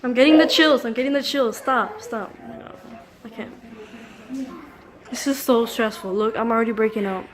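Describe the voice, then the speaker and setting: A woman's voice: on the high side, normal speed, background noise. A woman vlogging at home during a storm, anxious and jittery, laughing between frightened remarks. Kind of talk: casual home video vlog.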